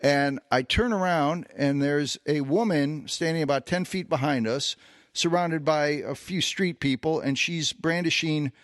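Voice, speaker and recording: A man's voice: a little high, unhurried, no room sound, clean studio sound. A man co-hosting a podcast, recounting a long personal anecdote in a casual storytelling way, with plenty of fillers and restarts. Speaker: podcast co-host.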